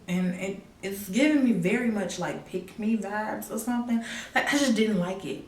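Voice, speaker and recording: A woman telling a story in a casual vlog, animated and sassy, jumping from loud exclaims to hushed asides. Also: a little high, normal speed, far from the mic. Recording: echoey room, a bit off-mic, faint hum.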